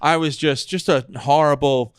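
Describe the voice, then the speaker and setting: Male comic co-host, animated storyteller, swears freely, higher voice. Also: normal speed, smooth, dry recording, clean studio sound. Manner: animated, profane, acts out quoted voices. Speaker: comedian podcast co-host. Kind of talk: casual storytelling chat.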